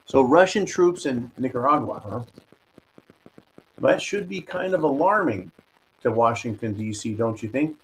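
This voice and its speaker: A man's voice: mid-range voice, lively intonation, measured pace, low-quality recording. A man hosting a political commentary show, talking in an indignant, sarcastic, ranting way. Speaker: host.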